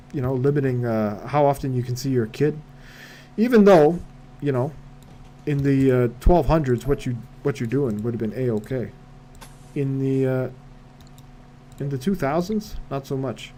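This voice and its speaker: A man's voice: mid-range voice, moderate pace, mellow, slight background noise. A man streaming a game live, muttering to himself in casual commentary full of wry asides and rhetorical questions.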